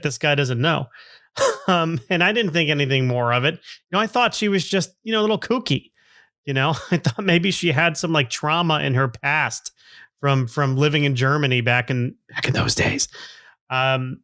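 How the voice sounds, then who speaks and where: A man's voice: fairly high pitch, sharp tone, smooth, dry recording, clean studio sound. A middle-aged man hosting a podcast, telling a story from his childhood in a chatty way with frequent chuckles and fillers. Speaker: podcast host. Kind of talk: casual storytelling monologue.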